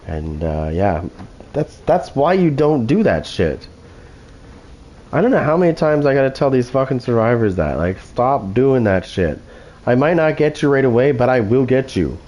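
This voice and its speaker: A man's voice: mid-range voice, very animated, moderate pace, a little mellow, poor audio. A man hosting gameplay commentary, taunting opponents with constant profane trash talk. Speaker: gaming channel host.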